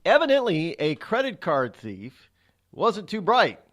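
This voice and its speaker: A man's voice: sits high, huge pitch swings, measured pace, a bit bright. A man hosting a talk radio show, telling a story in a rambling, amused way with many restarts. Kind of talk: casual radio monologue.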